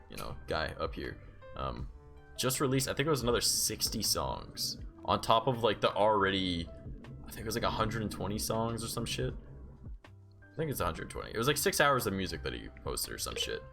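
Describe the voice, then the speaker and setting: A man's voice: on the low side, very animated, fairly quick, gravelly, fairly bright tone, faint music behind. A man streaming live, chatting casually and sarcastically, rambling and swearing freely. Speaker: livestreamer.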